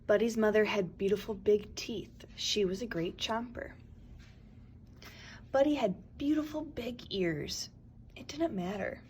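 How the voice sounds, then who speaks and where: A woman teacher reading a children's story aloud in a warm, expressive way, recorded on a home webcam or phone. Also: mid-range voice, measured pace, a little hiss or hum.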